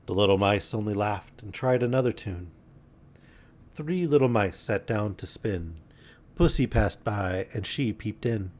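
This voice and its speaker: A man reading a storybook aloud in a gentle, unhurried bedtime manner on a live stream. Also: on the low side.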